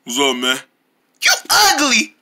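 Someone voicing a rude cartoon tough guy who throws out gruff taunts and threats. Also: mid-range voice, wildly swooping pitch, measured pace, pushed and bright, heavily acted.

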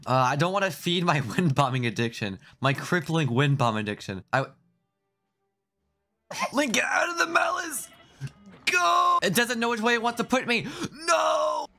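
A man doing jokey let's-play commentary over a video game, often laughing mid-sentence and jumping up in pitch when excited. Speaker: gaming YouTuber.

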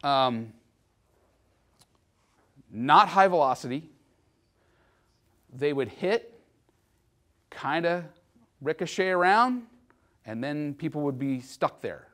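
A man's voice: medium pitch, a bit bright. A man giving an informal history lecture to a live audience, explaining events in a chatty way and often checking in with his listeners. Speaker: history presenter.

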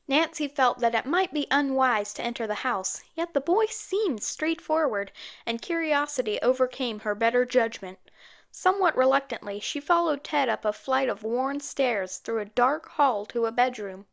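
A woman narrating a mystery audiobook in a steady, measured storytelling voice. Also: sits high, vocal fry.

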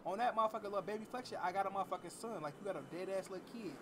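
A young man streaming a roleplay game, chatting loudly in rambling, slang-heavy talk full of "like"s. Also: sits high, racing, background noise. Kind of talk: casual chat while streaming a roleplay game.

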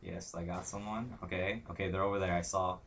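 A young man giving live commentary over a shooter match, muttering play-by-play, swearing constantly and breaking into angry shouts. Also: low voice, steady tone, a little fast, slight background noise. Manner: mutters play-by-play under his breath. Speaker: gaming commentator.

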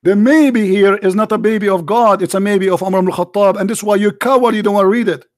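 A man's voice: high-pitched, steady tone, quick pace, dry recording, studio quality. A man hosting a heated live call-in debate, combative and interrupting, repeating his points insistently and losing his voice. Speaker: livestream debate host.

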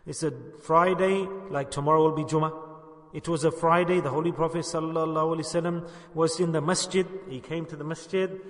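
A man's voice: fairly high pitch, steady tone, brisk, in a large hall. A man giving an earnest sermon as a religious teacher, repeating phrases for emphasis and putting questions to his listeners.

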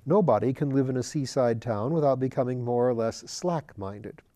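A man reading a novel written as letters aloud, in a measured, unhurried way. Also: medium pitch, mellow. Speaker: audiobook reader.

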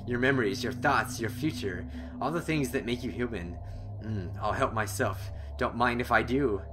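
A man's voice: medium pitch, moderate pace, noisy background, lightly acted. A man voicing a sinister male creature that poses as a human, speaking in a mocking, taunting way while reading a visual novel aloud. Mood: mocking menace.

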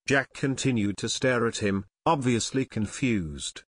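A man narrating a children's fantasy chapter book in steady scripted narration, as author and reader. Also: medium pitch, unhurried, slightly rough, no room sound, studio quality.

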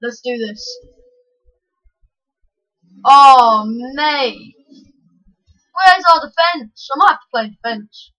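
A woman giving excitable live commentary over her own gameplay, yelling at the screen with quick self-mocking asides. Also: sits high, low-quality recording. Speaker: gaming channel host.

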